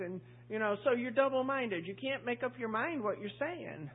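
Husky woman preaching, tinny audio. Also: fairly high pitch, lively intonation, moderate pace, few pauses. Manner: chatty, asks the congregation questions, acts out voices. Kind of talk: conversational sermon.

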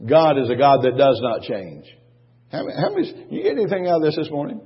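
A man's voice: on the high side, huge pitch swings, fairly quick, slightly rough. A man preaching a sermon as pastor, repeating his points emphatically, asking the congregation questions and chuckling between lines. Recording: dull, long church-hall reverb.

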